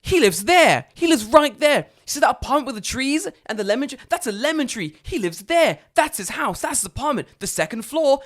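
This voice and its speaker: A man voicing an excited, chatty little girl who shouts loud, repetitive chirps. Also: extremely high pitch, fairly quick, hardly any pauses, pitched above the performer's own voice, heavily acted.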